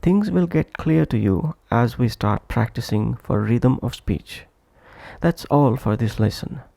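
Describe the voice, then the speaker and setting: A man narrating a scripted pronunciation lesson, slow and deliberate, repeating each example phrase for practice. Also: medium pitch, vocal fry, dark tone, dry recording. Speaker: English pronunciation teacher.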